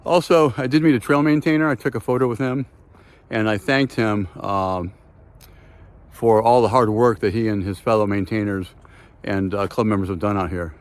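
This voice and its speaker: A man in his sixties vlogging casually outdoors on a hiking trail, talking in a plain, matter-of-fact way with frequent ums. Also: on the low side. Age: 60s. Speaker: thru-hiker vlogger.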